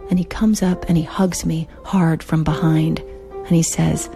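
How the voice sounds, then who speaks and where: A woman's voice: low voice, fairly even intonation, a little slow, gravelly, warm tone, faint music behind. A woman hosting her own show, reading a personal story aloud in a wry, candid and plain-spoken way. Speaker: host and storyteller.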